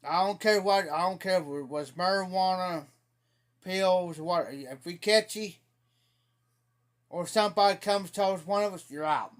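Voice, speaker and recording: A man's voice: high voice, a little slow. A man casually telling a rambling, folksy story on a live stream, laughing at his own tale.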